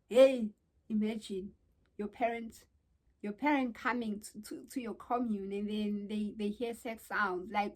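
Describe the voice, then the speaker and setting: Animated young South African woman vlogger. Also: mid-range voice. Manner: animated, exclamatory storytelling. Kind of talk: casual storytime chat.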